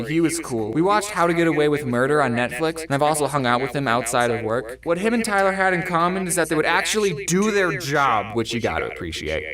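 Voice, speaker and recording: Animated man telling a comic story. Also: a little high, far from the mic. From Arizona. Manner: expressive, exaggerated, talks to viewers directly. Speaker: storytelling video host. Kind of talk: animated comedic storytime narration.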